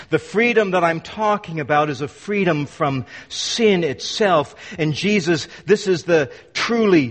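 A man preaching an expository sermon, emphatic and full of rhetorical questions. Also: fairly high pitch. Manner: emphatic, rhetorical questions, acts out quoted voices. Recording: long hall reverb.

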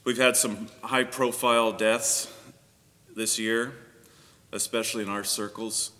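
A man's voice: lowish voice, steady tone, a little slow, bright, forceful tone. A man pastor giving a sermon, praying and then preaching earnestly with frequent fillers. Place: church sanctuary. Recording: long reverb of a church hall.

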